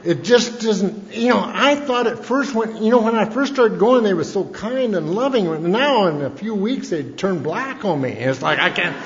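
A man's voice: sits high, expressive, moderate pace, few pauses, a little hiss or hum. Folksy man telling stories in a hall. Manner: rambling, folksy, self-mocking, with frequent restarts. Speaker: speaker at a recovery meeting. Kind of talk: humorous personal testimony. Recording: dull lo-fi recording in an echoey hall.

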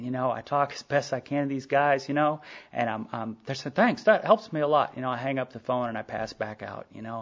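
A man's voice: medium pitch, creaky. A middle-aged man giving a rambling personal talk at a recovery meeting, full of fillers and quoted dialogue. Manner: rambling storytelling with many fillers, quoting others. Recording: dull lo-fi recording.

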